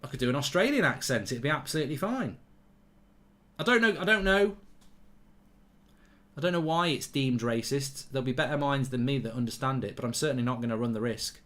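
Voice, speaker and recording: A man's voice: medium pitch, quick pace, hardly any pauses, fairly bright tone. A man hosting a live football watchalong, chatting bluntly and reading out viewer comments. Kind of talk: casual live-stream chat and commentary.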